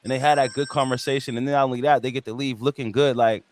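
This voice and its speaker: A man hosting an interview, asking long, rambling questions in an animated, slangy way. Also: medium pitch, fast talker, slight background noise. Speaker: podcast host, interviewer. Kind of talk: casual interview conversation.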